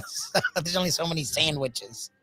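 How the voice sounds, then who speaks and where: A man co-hosting a sports radio show, bantering quickly, laughing and swearing casually. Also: fairly high pitch, a bit bright. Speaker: radio co-host.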